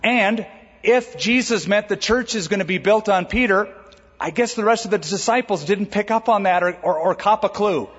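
A man preaching a sermon as a pastor, lively and conversational, with jokes along the way. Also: high-pitched, normal speed, breathy edge. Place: church auditorium. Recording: dull recording with long hall reverb.

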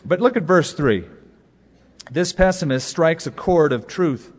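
Unhurried and expressive, a man with a slightly high voice preaches a sermon full of jokes and stories, repeating words for emphasis. He is a pastor, recorded with the long reverb of a large hall.

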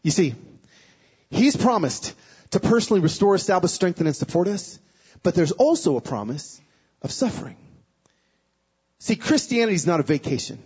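A man giving a sermon as a guest speaker, telling a personal story with emotion, moving between hushed and loud, pleading passages. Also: high voice, sing-song, moderate pace, pauses often, breathy edge, dull audio.

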